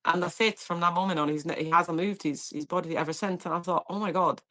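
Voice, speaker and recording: A woman's voice: lowish voice, fast talker. A woman working as a paramedic, telling stories in a podcast interview with lots of restarts and fillers. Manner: animated, many restarts and fillers.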